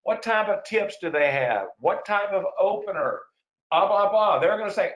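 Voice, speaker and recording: A man giving a sales webinar in an energetic, excitable way, getting wound up and then reining himself in. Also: sits high, normal speed, echoey room, poor audio. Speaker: sales trainer hosting a webinar.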